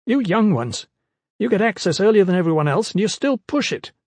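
A man voicing a scornful young male scholar-priest in an audiobook, pitched well above his narration, condescending. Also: very animated, fairly quick, darkish tone, no echo, heavily acted. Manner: sneering, condescending.

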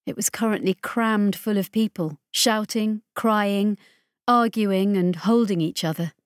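A woman narrating a science fiction audiobook in a steady, measured way. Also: mid-range voice, dry recording, clean studio sound. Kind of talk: scripted narration.

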